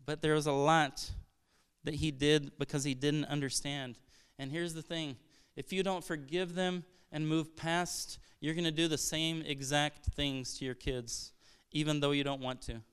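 A man's voice: a little high, level tone, unhurried, a bit bright, clear, resonant tone. A man from Brazil preaching a sermon as a pastor, earnest and conversational, with rhetorical questions and frequent restarts.

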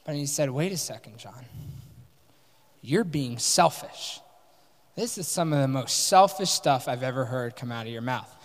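A young man speaking at a workshop, telling a candid personal story to an audience with lively quoted dialogue. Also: mid-range voice, normal speed. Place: large conference hall. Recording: live talk with long hall reverb.

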